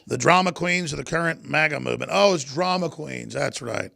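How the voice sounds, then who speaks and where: A man hosting a talk show, delivering a heated political monologue in a ranting, forceful way. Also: on the high side, a little fast, creaky. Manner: ranting, forceful, with mocking put-on voices in quotes.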